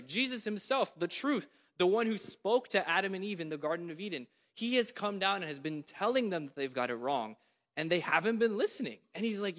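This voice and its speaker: A man's voice: sits high, sing-song, moderate pace. A young man giving a casual sermon, chatty and full of "like", who reads scripture aloud with force. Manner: conversational, lots of "like", rising to loud scripture reading. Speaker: preacher. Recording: long hall reverb.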